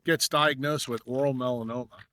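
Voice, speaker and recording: A middle-aged man from New York, a guest on a podcast, tells long, winding stories full of "uh" and "you know." He slips into the voices of the people in his tales. His voice sits at an ordinary pitch, and it is caught close and dry, with no room sound. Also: fairly even intonation, fairly quick, bright, forceful tone, dry recording. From New York, USA. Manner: rambling anecdotal telling with many fillers, acting out quoted dialogue. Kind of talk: storytelling in a podcast interview.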